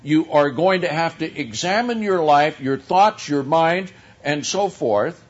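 A man preaching a sermon, teaching from scripture in a slow, deliberate way with drawn-out emphasis. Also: a little high, lively intonation, highs cut off.

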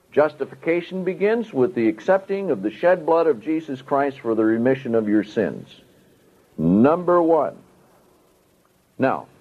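Slow emphatic male preacher, tinny sound. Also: on the high side. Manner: emphatic, rising and falling for stress. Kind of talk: sermon. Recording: tinny phone-like audio.

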